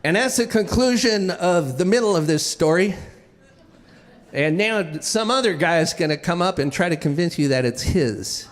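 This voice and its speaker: Guy doing live storytelling, funny and self-mocking, high lively voice, big hall echo. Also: moderate pace. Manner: comic, self-deprecating, stammering restarts.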